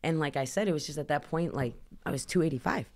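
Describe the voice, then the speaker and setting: A woman's voice: low-pitched, fast talker, a little mellow. A woman from Southern California, a podcast guest telling a personal story in a rambling, earnest way, full of "like" fillers. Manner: rambling, heavy use of "like"; earnest, emotional retelling.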